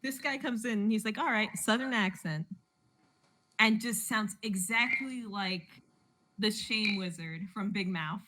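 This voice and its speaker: A woman on a casual livestream call, telling lively stories and acting out the voices of the people in them. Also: mid-range voice, measured pace, a little hiss or hum. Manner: animated storyteller, acts out quoted voices. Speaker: guest artist.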